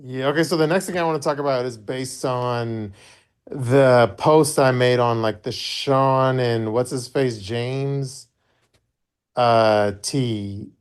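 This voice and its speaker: A man's voice: medium pitch, takes it slowly, clear, resonant tone. A man hosting a podcast, rambling in casual chat with frequent swearing and gossip. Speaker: podcast host.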